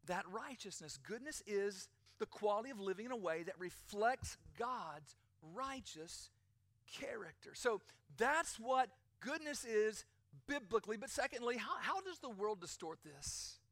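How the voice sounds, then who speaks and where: A pastor preaches in an emphatic, rising and falling delivery. His voice is bright and forward. The sound is dry, with almost no room echo. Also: very high voice. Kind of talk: sermon.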